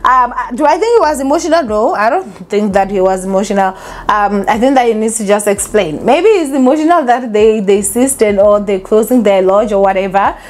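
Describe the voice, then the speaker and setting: Opinionated woman vlogger; animated delivery with a lively pitch. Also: brisk. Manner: animated, opinionated, laughs often. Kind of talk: casual commentary vlog.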